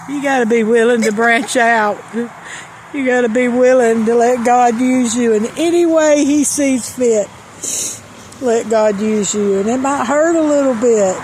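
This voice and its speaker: A woman's voice: fairly high pitch, darkish tone, a little hiss or hum. A middle-aged woman sharing a personal testimony and Christian encouragement, earnest and storytelling, repeating phrases for emphasis. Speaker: Christian vlogger.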